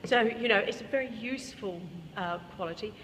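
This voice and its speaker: A woman's voice: fairly high pitch, fairly quick, a bit bright. An Australian woman leading a choir workshop, explaining vocal technique and singing short examples. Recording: reverberant hall, faint room noise.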